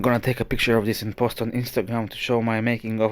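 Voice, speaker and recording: A man's voice: mid-range voice, fairly even intonation, quick pace, hardly any pauses, a little hiss or hum. A man hosting a casual show-and-tell vlog indoors at home, talking with rambling enthusiasm and plenty of fillers and restarts. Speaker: watch vlogger.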